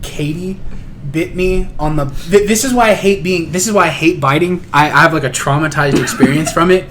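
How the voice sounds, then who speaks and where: A young man with a notably high voice talks bluntly and swears freely as a podcast co-host. He keeps pulling a rambling chat back on track, with a faint hiss in the recording. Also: brisk, a bit bright. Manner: blunt, profane, steers back to topic. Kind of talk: casual chat.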